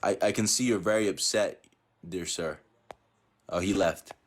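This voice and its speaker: Man debate host, low-ish voice, smug and patronizing, keeps telling callers to calm down. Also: normal speed. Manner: condescending, repeats "my dear boy" and tells others to calm down. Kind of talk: online debate.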